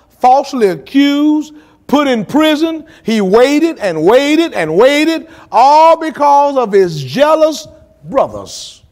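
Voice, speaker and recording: A male pastor leading a Bible study in church, preaching with dramatic pauses, acting out quotes and dropping colloquial asides. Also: sits high.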